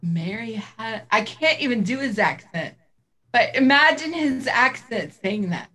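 Animated woman co-host, bright and bouncy, casual livestream banter. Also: on the high side, measured pace, breathy edge, poor audio. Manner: animated, giggly, enthusiastic. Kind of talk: casual chat.

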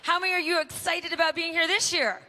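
High-voiced woman joking on stage. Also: fairly even intonation, quick pace. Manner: joking, self-mocking. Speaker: event emcee. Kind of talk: stand-up style stage hosting. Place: conference stage before an audience. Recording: live event with crowd and noise.

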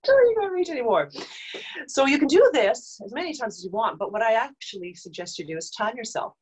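A woman's voice: a little high, big pitch swings, a little fast, slightly rough, rough recording. Woman voice teacher leading vocal exercises. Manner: instructive, demonstrating vocal exercises. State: slightly dry voice. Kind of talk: online group vocal exercise lesson.

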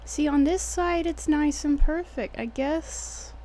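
A woman's voice: high-pitched, slow, mellow. A young woman with a Texan accent chatting casually and jokingly while streaming a game, slangy and swearing freely. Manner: laid-back, jokey, slangy, swears casually. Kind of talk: casual gameplay commentary.

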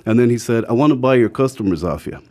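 In a mid-range voice and talking fast, a man with an Irish accent tells frank stories as a guest in casual talk. He gets animated whenever he acts out someone he's quoting.

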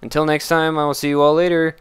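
A man giving casual gameplay commentary, blurting out excited exclamations and complaints at the game as he plays. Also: a little high, fast, smooth. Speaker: let's play gamer.

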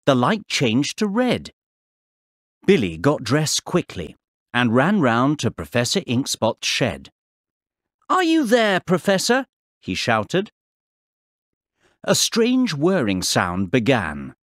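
A man narrating a story slowly and clearly for English learners. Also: mid-range voice, dry recording, clean studio sound. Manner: deliberate, expressive reading for learners. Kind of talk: slow, clear textbook narration.

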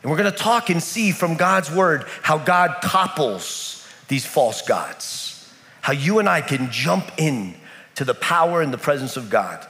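Animated male preacher in an echoey hall. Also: fairly high pitch, unhurried. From United States. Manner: storytelling with repetition. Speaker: pastor. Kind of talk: sermon. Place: church in Kenya.

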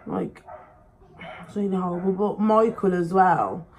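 A woman's voice: on the low side, unhurried, a little mellow, poor audio. A young woman chats casually while doing her makeup at home, rambling with plenty of likes and ums. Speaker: beauty vlogger.

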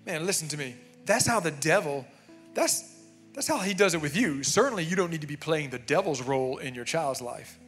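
Male pastor, young, casual emphatic sermon delivery, fairly high pitch. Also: expressive, brisk, a bit bright, soft background music. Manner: emphatic, conversational preaching with frequent "amen" and "man". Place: church sanctuary.

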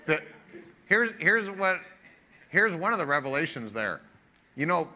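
Bright-voiced, high-pitched male pastor preaching. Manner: energetic, jokey, emphatic, conversational. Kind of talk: sermon.

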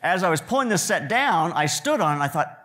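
A man's voice: a little high, very animated, quick pace, heavy background noise. A man giving a lecture to students, telling joking anecdotes about his work as a photographer and acting out what people said. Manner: joking storyteller who acts out quotes. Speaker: guest lecturer, photographer and director.

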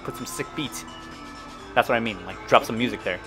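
A man hosting a casual gameplay session, excitable and laughing, yelping at crashes. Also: medium pitch, fairly quick, music in the background. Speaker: gameplay host.

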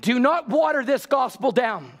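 A man's voice: extremely high pitch, big pitch swings, normal speed. A man preaching a sermon to his congregation, urgent and exhorting, repeating key words and asking rhetorical questions. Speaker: pastor.

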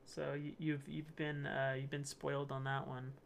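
A man's voice: mid-range voice, monotone, moderate pace, creaky, a little hiss or hum. A young man hosting his channel, rambling casually through posts, laughing often and stumbling over words. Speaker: channel host. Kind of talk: casual commentary reading posts.

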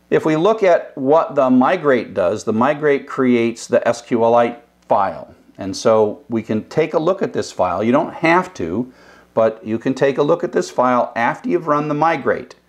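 An older man teaching web programming in a recorded lecture. He explains casually and thinks aloud, with restarts. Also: medium pitch. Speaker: programming instructor.

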